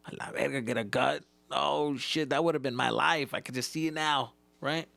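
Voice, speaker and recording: A man, a comedian hosting his own podcast, tells profane, animated stories from his childhood and acts out the scenes as he goes. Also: mid-range voice, moderate pace, creaky, no echo. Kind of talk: profane comedic storytelling monologue.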